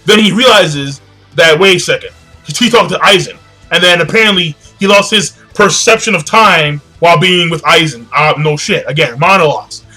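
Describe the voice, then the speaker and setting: A young man in a loose, rambling recap, cursing freely and often doubling back on his words. His voice is high and bright, with a sharp edge. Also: normal speed, soft background music. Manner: rambling, profane, repeats himself. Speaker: manga reviewer. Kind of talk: casual chapter recap.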